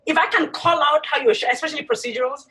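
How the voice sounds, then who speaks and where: A woman's voice: high-pitched, fast, recorded from a distance, low-quality recording. A woman chatting casually and emphatically, acting out her reactions as she talks. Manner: animated, emphatic, acts out reactions. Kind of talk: casual chat.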